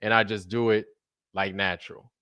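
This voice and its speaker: A man's voice: fairly low pitch, level tone, moderate pace, pushed and bright, clear, resonant tone, no echo, dull audio. A man hosting a casual livestream, chatting loosely with viewers, swearing often and now and then slipping into mocking impressions. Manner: profane, laid-back, drifts into mocking impressions. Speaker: livestream host.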